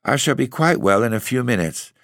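A man's voice: mid-range voice, lively intonation, brisk, creaky, fairly bright tone, dry recording, pitched above the performer's own voice. A languid, dreamy young noblewoman, weak and mysterious, put on by a man reading a storybook aloud. She murmurs drowsily and half-whispers. The reading sounds close and dry. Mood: drowsy. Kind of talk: audiobook reading.

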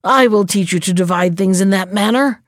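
A woman voicing a proud, hungry male lion with a quick temper in a storybook reading, speaking grandly. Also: mid-range voice, dry recording, studio quality, natural voice.

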